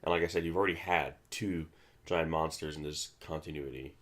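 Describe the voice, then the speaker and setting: A man's voice: rumbling low, fairly even intonation, a little fast, fairly bright tone. A man hosting a casual movie commentary, rambling with many restarts and fillers. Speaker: film commentary host.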